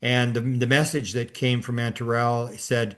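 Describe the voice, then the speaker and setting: A man's voice: mid-range voice, level tone, normal speed. Rambling older man telling a story. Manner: rambling, many restarts and fillers. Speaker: podcast host. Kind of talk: casual storytelling chat.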